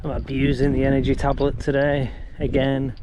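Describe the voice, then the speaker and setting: A man vlogging as he hikes across open moorland, chatting in a relaxed, rambling way with plenty of "you know". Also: mid-range voice, moderate pace. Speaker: hiking vlogger. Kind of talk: casual chat to camera while walking. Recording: loud wind noise outdoors. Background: wind and outdoor ambience.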